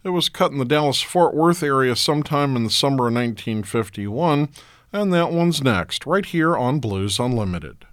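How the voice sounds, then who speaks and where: A man hosting a radio program, calmly back-announcing and introducing old records. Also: mid-range voice, normal speed, no echo, studio quality. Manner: relaxed, informative back-announcing. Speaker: radio host.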